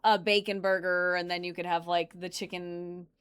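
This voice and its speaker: A woman's voice: on the low side, little pitch movement, normal speed, fairly bright tone, clean tone. A woman chatting casually on a live stream, rambling and answering viewer comments as she goes. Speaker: streamer reacting to videos.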